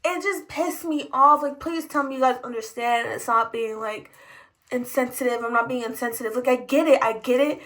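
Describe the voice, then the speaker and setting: Exasperated young woman ranting, bright voice. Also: sits high, poor audio. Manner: exasperated, profane, fast ranting. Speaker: emergency department tech. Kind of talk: casual storytime rant.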